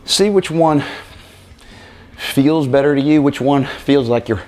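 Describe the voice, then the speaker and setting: A man coaching an abs workout, counting reps out loud as he exercises and talking out of breath. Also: mid-range voice, takes it slowly. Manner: counting reps aloud while exercising, casual. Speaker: fitness coach. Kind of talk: workout demonstration.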